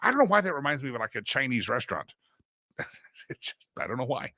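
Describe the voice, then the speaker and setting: A man's voice: mid-range voice, sing-song, fast talker, pushed and bright, dry recording, clean studio sound. A male host giving a casual talk-show monologue, joking and laughing at his own gags, now and then chanting a recurring segment line in a sing-song.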